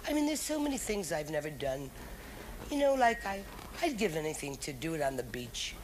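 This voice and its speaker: Her voice is low with big pitch swings and a brisk pace, over a noisy background. This middle-aged stand-up comedian performs a bawdy routine aimed right at a live theater audience, recorded for a 1970s TV special with loud crowd laughter.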